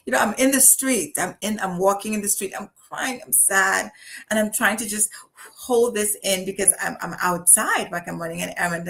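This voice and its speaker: A woman's voice: medium pitch, a bit bright. A middle-aged woman from Trinidad, telling a personal story on a live stream in a reflective, heartfelt way with frequent restarts. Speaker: channel host.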